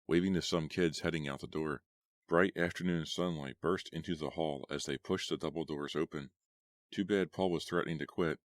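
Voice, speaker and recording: A man with an extremely low, deep voice reads a teen horror novel aloud. His telling is steady and even, and the close, dry recording has almost no room sound. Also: no room sound. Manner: even storytelling, voicing characters lightly. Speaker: audiobook narrator.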